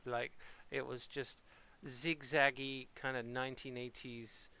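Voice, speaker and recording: Portsmouth guy streaming a game from home, slow, kinda raspy-gravelly, rambles and jokes at himself. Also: mid-range voice, flat delivery, bright, forceful tone. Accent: Portsmouth English. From Portsmouth, England. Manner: rambling, playful and self-mocking. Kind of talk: casual live-stream commentary.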